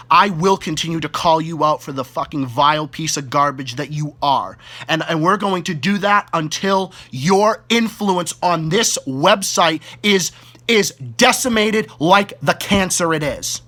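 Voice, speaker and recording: A man with a Boston accent rants furiously into the camera, swearing and hammering the same insults again and again. His voice sits a little high and comes out hard and forceful. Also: measured pace. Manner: furious, profane, repetitive insults. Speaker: YouTube ranter. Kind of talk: angry direct-to-camera rant.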